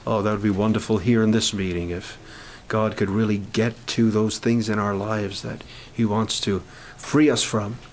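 Halting preacher man leading prayer. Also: fairly low pitch, little pitch movement, a little hiss or hum, poor audio. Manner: halting, with many restarts, rising fervor. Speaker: minister leading a prayer meeting. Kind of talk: informal sermon and prayer request talk. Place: camp meeting room.

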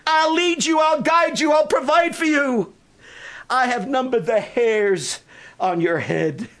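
A man preaching a sermon who swells into shouted, drawn-out proclamations and then sinks to a hushed appeal. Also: extremely high pitch.

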